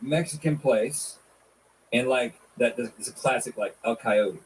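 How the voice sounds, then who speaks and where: Relaxed forties man co-hosting. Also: medium pitch, unhurried, distant mic, a little hiss or hum, low-quality recording. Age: 40s. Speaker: podcast co-host. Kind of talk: casual podcast chat.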